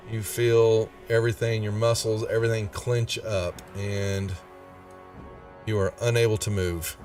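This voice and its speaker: A man's voice: on the low side, little pitch movement, unhurried, recorded from a distance, music in the background. A man narrating as game master of a tabletop game, thinking aloud and stopping to check rules as he goes.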